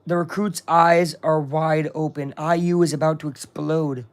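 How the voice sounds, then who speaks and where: A man hosting a casual live watch-along of a football game, excitable and swinging between hype and grumbling. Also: a little high, measured pace. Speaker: live-stream sports watch-along host.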